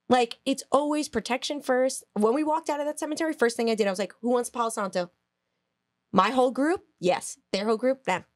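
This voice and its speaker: A woman co-hosting a podcast, telling a story in a casual, animated way, laughing, swearing and acting out quotes. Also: fairly high pitch, brisk, no echo, clean studio sound. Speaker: podcast co-host.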